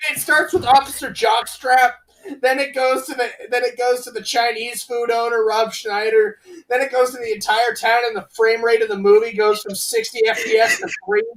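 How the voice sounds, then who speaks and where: A man's voice: very high voice, moderate pace, fairly bright tone, slight background noise, low-quality recording. A young man co-hosting a podcast, retelling a film's plot in a crude, rambling, joking way. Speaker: podcast co-host. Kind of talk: casual comedic film review chat.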